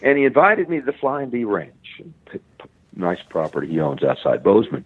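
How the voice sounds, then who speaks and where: A man's voice: lowish voice, wildly swooping pitch, a little fast, slightly rough, no room sound. A middle-aged American man telling a long story as an interview guest, often repeating his words. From United States. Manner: repeats words often, acts out quoted voices. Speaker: guest, conservation biologist. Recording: phone-like narrow band, dry.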